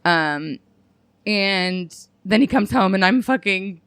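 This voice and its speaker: Animated, self-mocking woman comedian. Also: mid-range voice, slow, clean tone, dry recording. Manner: animated storytelling with acted quotes and laughs. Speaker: guest comedian. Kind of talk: casual podcast chat.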